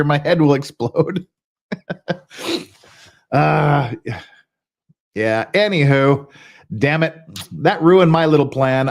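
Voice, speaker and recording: A man hosting a casual livestream, chatting to his chat in a rambling, self-deprecating way with mild swearing and restarts. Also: a little high. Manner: rambling with frequent restarts and laughs. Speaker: livestream host.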